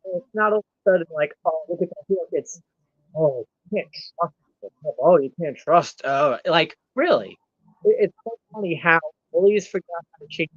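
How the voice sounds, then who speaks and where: A loud-mouthed heel wrestler, played by a man, boasts and taunts without pause. His pitch leaps up and down with every brag. The sound is dry and a little dull, like a lo-fi recording. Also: expressive, no echo. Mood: cocky. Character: brash arrogant male heel wrestler persona. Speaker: guest. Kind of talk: in-character comedic rant.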